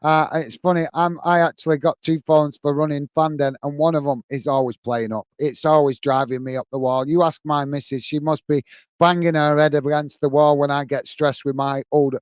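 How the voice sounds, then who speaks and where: A man's voice: a little high, steady tone, normal speed, clean tone, no room sound. A man from the UK hosting a live football fan stream, chatting casually and thanking viewers for their comments. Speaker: football channel host. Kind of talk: live stream chat reading.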